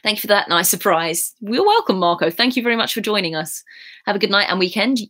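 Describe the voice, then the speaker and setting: A woman's voice: medium pitch, very animated, quick pace, fairly bright tone. Young woman, casual live-stream host, chatty and giggly. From England. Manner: chatty, giggly, sing-song goodbyes. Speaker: YouTuber reading live chat.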